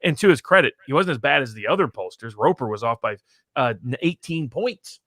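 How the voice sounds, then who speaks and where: A man in a casual podcast discussion, explaining polling quickly with frequent restarts. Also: medium pitch, expressive, sharp tone, dry recording, clean studio sound. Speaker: pollster guest.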